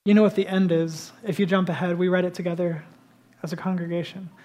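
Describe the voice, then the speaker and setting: A man's voice: high voice, little pitch movement, fast, a little mellow. A male pastor preaching a sermon to his congregation, speaking conversationally and building to emphatic bursts.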